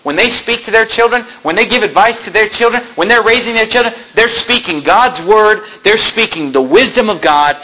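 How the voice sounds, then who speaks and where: A man preaching a sermon, talking in a lively, homespun way with jokes and asides. His voice sits high and swings widely in pitch. The tone is bright and sharp. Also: moderate pace, few pauses, low-quality recording. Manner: animated, folksy preaching with asides and self-deprecating humor. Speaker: pastor.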